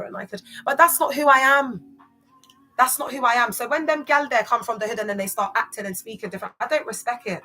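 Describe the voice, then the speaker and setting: A woman's voice: fairly high pitch, fast talker, bright, forceful tone, faint music behind. A young woman from West London with a London accent, giving casual vlog commentary in emphatic street slang full of rhetorical questions. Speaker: commentator on church cults.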